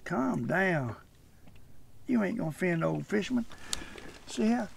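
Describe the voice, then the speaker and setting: An older man giving folksy, excited fishing commentary from a boat on a lake. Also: high-pitched, quick pace, gravelly, slight background noise. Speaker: fishing channel host.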